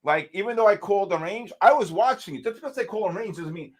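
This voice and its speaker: An excitable man runs a live trading stream, talking straight to his viewers. His voice sits a little high and swings widely as he jumps between calm explanation and loud bursts of amazement. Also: fast. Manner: animated, exclamatory, talks to chat by name. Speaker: livestream trading host. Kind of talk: excited live market commentary.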